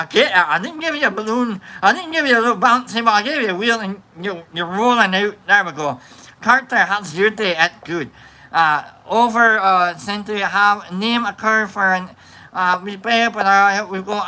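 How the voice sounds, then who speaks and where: A man's voice: high voice, normal speed, bright, forceful tone, low-quality recording. A man hosting a livestream, reading out and greeting viewer comments in a rambling, playful chat full of fillers and restarts. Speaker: livestream host.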